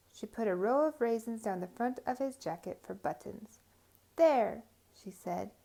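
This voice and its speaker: A woman reading a children's story aloud at a gentle, even storytelling pace. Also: a little high, creaky. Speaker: storybook reader.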